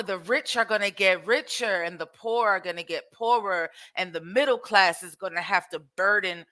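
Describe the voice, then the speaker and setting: A woman hosting her own show, casually commenting on clips in an animated way with rhetorical questions. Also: a little high. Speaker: host.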